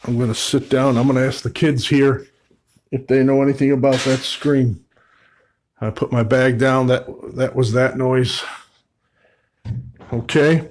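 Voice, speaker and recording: A man investigating an old house alone, talking in a hushed, startled way and asking questions of spirits. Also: mid-range voice, flat delivery, a little slow, pauses often. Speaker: paranormal investigator. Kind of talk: solo ghost-hunting commentary.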